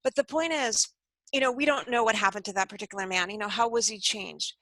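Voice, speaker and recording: A woman's voice: mid-range voice, quick pace, a bit bright, no room sound, poor audio. A woman speaking as an interview guest, telling a story in an earnest, conversational way and acting out the quoted voices.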